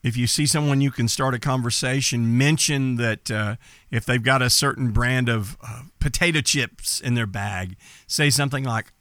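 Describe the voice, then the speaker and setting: A middle-aged man from East Texas with a light Texas accent, coaching listeners in a direct, confident podcast talk with pitch jumps for emphasis. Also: moderate pace, fairly bright tone, no echo, studio quality. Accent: light Texas accent, mostly neutral. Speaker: entertainment business coach, podcast host.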